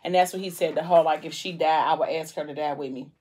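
A woman hosting a casual book chat at home, retelling a story with strong emotion and dropping her voice soft at the sad parts. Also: low-pitched, fairly even intonation, quick pace, husky. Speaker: vlog host discussing a book.

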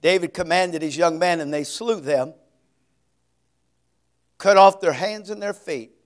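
In a high voice, a male pastor delivers an expository sermon. He reads scripture slowly, leaning hard on the emphasis, and slips in folksy asides along the way.

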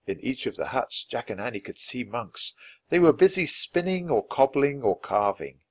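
A man reading a children's chapter book aloud in an expressive, lively way. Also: medium pitch, moderate pace. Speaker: storybook reader. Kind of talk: children's story read-aloud.

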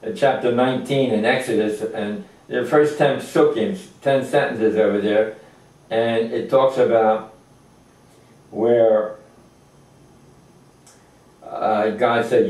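An older man giving an informal Torah lesson, halting often with fillers and restarts as he explains verses. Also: fairly low pitch, fairly even intonation, darkish tone. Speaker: Torah teacher. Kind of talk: informal religious lecture. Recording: echoey room, distant mic.

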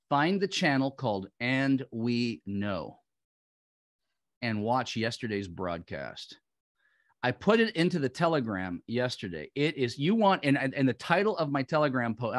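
A man hosting a livestreamed prayer show, proclaiming decrees loudly and fervently and then chatting casually, heard through his own microphone on a video call. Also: medium pitch. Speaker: host and prayer leader.

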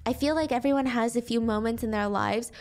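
A woman hosting a storytelling show, narrating from a script in a clear, explanatory way. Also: fairly high pitch, fairly quick, darkish tone, soft background music. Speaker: storytelling podcast host.

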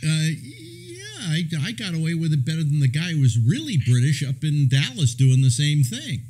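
A man's voice: fairly high pitch, very animated, normal speed, darkish tone, rough recording. An older man from California telling rambling radio anecdotes, chuckling and restarting as he goes. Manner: chuckling, meandering storyteller with many restarts. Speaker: radio host.

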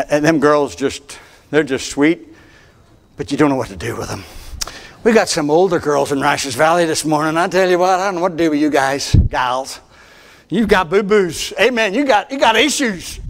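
An older pastor preaches from the pulpit in a fairly high voice. He is folksy and fired up, often repeating words and going into chatty asides to the congregation. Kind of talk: preaching a sermon. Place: church sanctuary at the pulpit.

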